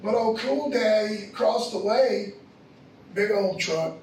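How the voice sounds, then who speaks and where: Heard from a distance in an echoey room, this middle-aged pastor speaks slowly in a high, slightly mellow voice over faint background noise. His sermon turns into a personal story told casually, with plenty of slang.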